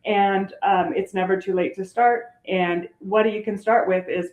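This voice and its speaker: A woman's voice: medium pitch, fairly even intonation, measured pace, phone-quality sound. Earnest grandmother in an echoey room. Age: older. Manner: earnest, advising. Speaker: guest author and performance coach. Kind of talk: casual podcast conversation.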